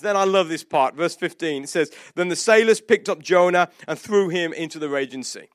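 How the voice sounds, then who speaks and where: Lively high-voiced male preacher. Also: brisk, few pauses, no echo, clean studio sound. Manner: animated storytelling, acts out quotes, frequent "like". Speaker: pastor. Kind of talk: sermon.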